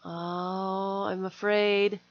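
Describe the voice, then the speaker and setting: A woman's voice: medium pitch, little pitch movement, extremely slow, no room sound. A middle-aged woman hosting an art live stream, chatting casually and gushing with delight as she opens mail. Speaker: art channel host. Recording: slightly dull lo-fi stream audio.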